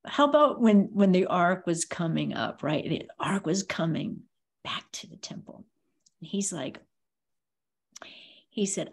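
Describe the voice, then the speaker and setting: A woman preaches in a relaxed, conversational way, her pitch rising and falling freely as she talks. She takes her time, drawing the words out slowly. She fills the gaps with easy little phrases as she goes. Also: gravelly. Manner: conversational, drawn-out, leans on filler phrases. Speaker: ministry host. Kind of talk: casual preaching on a live stream.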